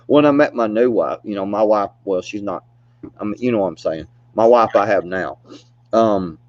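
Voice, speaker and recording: A man's voice: lowish voice, darkish tone. Laid-back rambling man telling stories. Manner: laid-back rambling storytelling with frequent laughs and "you know". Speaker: storyteller. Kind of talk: casual chat. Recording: dull, dry lo-fi recording.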